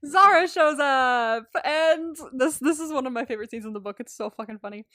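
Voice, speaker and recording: A woman's voice: high voice, a little fast, a bit bright, no echo, clean studio sound. A woman co-hosting a podcast, recapping a story in casual chat, swearing freely, laughing often and acting out the lines she quotes. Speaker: podcast co-host.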